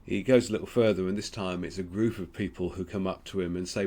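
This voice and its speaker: A man with an Australian accent giving a gentle, reflective Lenten devotional, pausing often with ums. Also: low-pitched, fairly even intonation. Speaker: preacher.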